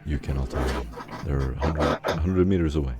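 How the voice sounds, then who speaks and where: A man with an extremely low voice narrates a tabletop game as its game master. He sets scenes at an easy pace, with the odd "uh", while soft music plays underneath. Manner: descriptive, unhurried scene-setting with fillers.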